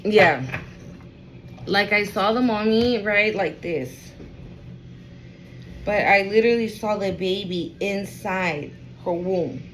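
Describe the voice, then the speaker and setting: A woman's voice: mid-range voice, slow, pauses often, a bit bright, slight background noise, low-quality recording. A woman giving a casual tarot reading at home, talking in a chatty, slangy way full of fillers. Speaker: tarot reader.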